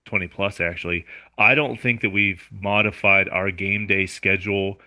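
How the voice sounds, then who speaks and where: A man with a very deep voice explains routines methodically as a podcast guest. His tone is sharp and forceful, and the sound is dry and close. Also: fairly even intonation, normal speed, no room sound. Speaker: music director, guest.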